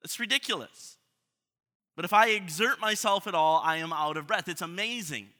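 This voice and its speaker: A man's voice: high-pitched, normal speed, pushed and bright. A man in his thirties preaching a sermon, talking in a self-deprecating, conversational way with frequent restarts. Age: 30s. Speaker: pastor. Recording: reverberant hall.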